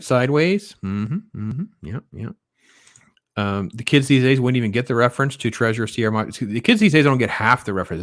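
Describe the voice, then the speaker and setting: A man's voice: fairly low pitch, no room sound, clean studio sound. A man hosting a casual livestream chat, giving opinions and answering comments from viewers. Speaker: podcast host.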